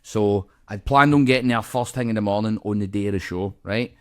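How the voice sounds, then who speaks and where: A man's voice: on the low side, fairly quick, a bit bright. A Scottish man, co-host of a comedy podcast, telling a story in casual chat, swearing a lot and acting out the voices of the people in it.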